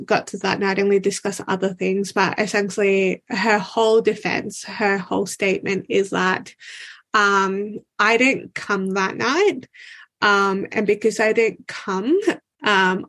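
Exasperated woman telling her story. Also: mid-range voice. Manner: animated, exasperated retelling. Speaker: interview guest. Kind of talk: personal storytelling in conversation.

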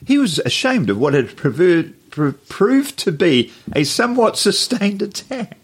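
A man's voice: high voice, very animated, unhurried, breathy edge. A man co-hosting a casual podcast, laughing often and reading a news story aloud with plenty of ums. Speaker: podcast co-host.

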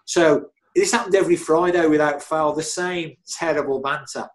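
A former footballer and physio telling stories in an animated, chatty way, repeating himself and laughing often. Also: male voice, fairly high pitch, normal speed. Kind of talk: casual storytelling interview.

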